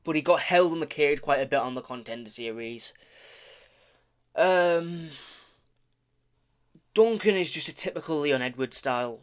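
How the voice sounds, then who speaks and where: A man's voice: on the high side, unhurried, pauses often, clear, resonant tone. Rambling man talking fight picks. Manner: rambling, self-correcting, stumbles over names; swears casually, offhand humor. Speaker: vlogger making fight predictions. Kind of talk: casual predictions talk.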